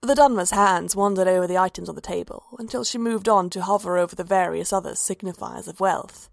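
Gravelly-voiced woman reading a story. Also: medium pitch, a little fast, no room sound, clean studio sound. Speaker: narrator. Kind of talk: reading fan fiction aloud.

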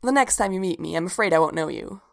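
A woman voicing a composed, gently mysterious woman leader who speaks in a calm, measured and quietly firm way, in a storybook reading. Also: lowish voice, vocal fry.

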